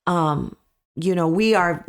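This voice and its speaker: A woman's voice: lowish voice, slow pace. A woman, a dog breeder, telling a story as a podcast guest in an earnest, emphatic way, often repeating her key points. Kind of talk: conversational storytelling.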